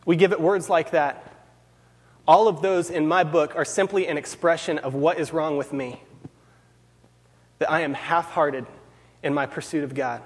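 A man's voice: on the high side, fairly even intonation, normal speed, long pauses, husky. A man preaching a sermon to a gathered group, earnest, repeating key phrases for emphasis. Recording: long hall reverb.

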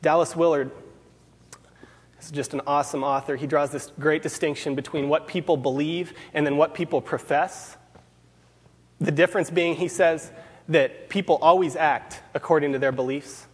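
A man's voice: on the high side, fairly even intonation, moderate pace, slightly rough. Earnest preacher man in a reverberant hall. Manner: earnest, repeats key phrases for emphasis. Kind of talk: sermon.

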